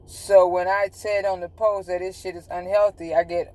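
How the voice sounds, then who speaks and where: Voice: mid-range voice, little pitch movement, darkish tone. A livestream host talking casually, ranting in a profane, mocking and exasperated way, stretching out and repeating words for emphasis. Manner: drawn-out, emphatic repetition. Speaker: livestream host giving health advice. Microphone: phone mic on a social media live stream.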